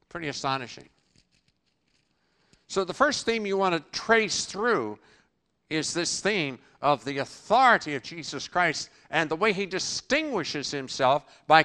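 Animated, bright-voiced man preaching. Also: high-pitched, a little slow. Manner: emphatic, with sudden loud bursts and drops to quiet; rhetorical questions answered himself. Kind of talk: sermon.

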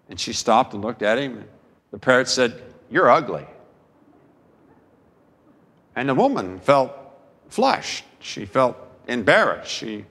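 A man preaching a sermon as a pastor, slow and deliberate, with dramatic pauses. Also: mid-range voice, fairly bright tone, in a large hall.

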